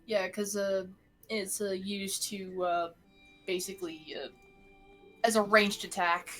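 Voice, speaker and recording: A woman's voice: medium pitch, steady tone, slow, a bit bright. A woman player in a tabletop game, explaining hesitantly with many fillers. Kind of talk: casual tabletop chat. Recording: faint music behind.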